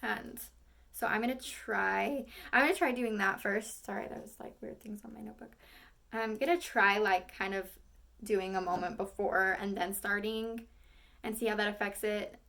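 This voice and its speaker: A woman's voice: mid-range voice, steady tone, normal speed, creaky, a bit bright. A young woman, an acting student, thinking aloud between rehearsal takes, rambling and self-critical with lots of fillers.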